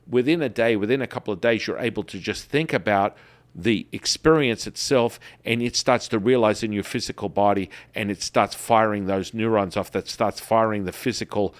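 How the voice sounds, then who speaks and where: A man hosting a podcast, talking in an emphatic, repetitive way and telling animated stories. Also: lowish voice, normal speed. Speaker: podcast host. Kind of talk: enthusiastic promotional talk.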